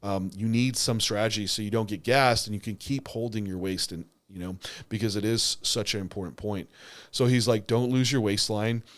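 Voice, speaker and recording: Low-voiced young man chatting casually. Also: steady tone, brisk, a bit bright. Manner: rambling, lots of filler words and restarts. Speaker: bodybuilder and podcast co-host. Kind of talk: casual podcast chat.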